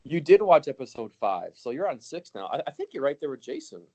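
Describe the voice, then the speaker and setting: A man's voice: fairly high pitch, sing-song, brisk, a little mellow. A man co-hosting a casual podcast, ranting with lots of swearing and frequent laughter. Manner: ranting, profane, laughs often. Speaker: podcast co-host.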